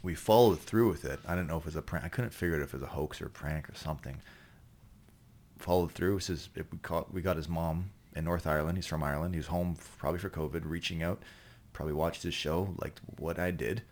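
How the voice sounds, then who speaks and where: Low-voiced profane man telling stories. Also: fast, a little mellow. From Canada. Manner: profane, rambling, with many restarts. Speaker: podcast guest, actor. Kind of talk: casual storytelling chat.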